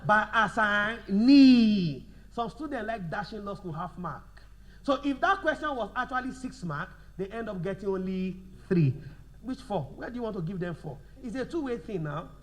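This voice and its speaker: High-voiced man quizzing his law class. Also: lively intonation. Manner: repetitive, quizzing the class with fill-in questions; slows down to dictate notes. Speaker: law school lecturer. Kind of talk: classroom revision lecture.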